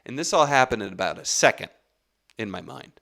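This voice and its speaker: A man's voice: mid-range voice, brisk, vocal fry. Guy rambling thru a wild story, swears a lot, voice jumps all over. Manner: rambling, profane, animated, with restarts. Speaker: podcast host. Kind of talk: casual storytelling.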